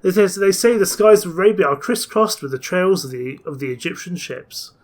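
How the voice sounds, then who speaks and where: A man voicing a jovial male exhibitor with a hearty, booming manner. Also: expressive, fairly quick.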